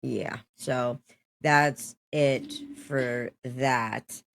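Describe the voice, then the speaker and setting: Slow, rambling commentary host. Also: medium pitch, fairly even intonation, gravelly, fairly bright tone, a little hiss or hum. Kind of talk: commentary vlog.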